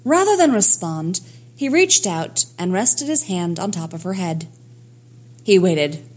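A woman narrating a fan fiction story in a lively storytelling manner. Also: fairly low pitch, measured pace.

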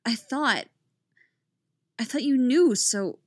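A woman's voice: on the high side, slow, no echo, clean studio sound. A woman reading a story, voicing a sulky, nervous young man who mumbles complaints. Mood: embarrassed.

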